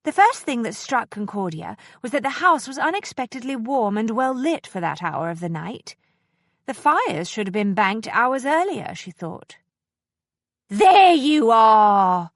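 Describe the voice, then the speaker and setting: Expressive woman audiobook narrator. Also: on the high side, dry recording, clean studio sound. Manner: expressive, measured storytelling.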